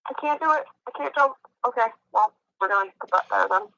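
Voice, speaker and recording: A woman guest in casual chat, teasing and affectionate with quick asides. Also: a little high, vocal fry, bright, forceful tone, dry recording. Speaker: guest artist. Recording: dry, tinny call audio.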